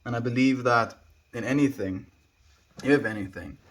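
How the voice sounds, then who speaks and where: A young man from South Africa with a South African accent, chatting casually on a live stream as he answers viewer comments in a rambling, relaxed way. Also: medium pitch, normal speed. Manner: laid-back, rambling, frequent likes and restarts.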